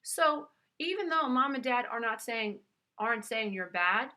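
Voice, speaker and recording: A woman's voice: fairly high pitch, expressive, a little slow, sharp tone. A woman with a New York accent giving an earnest, emphatic motivational talk, speaking directly to her listener. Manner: earnest and emphatic, addresses listener as "dear one". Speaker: self-help speaker.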